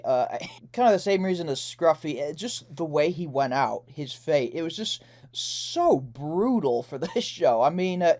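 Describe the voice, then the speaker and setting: A man's voice: on the high side, a little mellow. Chatty young man ranking cartoon characters. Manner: chatty, laughs often, lots of fillers and self-corrections. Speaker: YouTube host ranking characters. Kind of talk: casual commentary.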